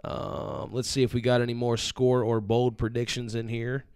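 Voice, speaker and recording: A man's voice: medium pitch, moderate pace, gravelly, clean tone, no echo, studio quality. A man co-hosting a live fan sports show, talking casually and reading out viewer comments. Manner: casual, steady, reads out comments.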